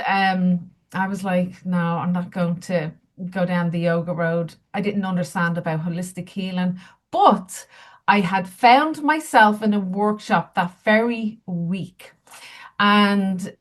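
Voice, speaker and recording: A woman, a healer and medium, telling candid, self-mocking stories as an interview guest. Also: mid-range voice. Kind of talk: casual interview storytelling.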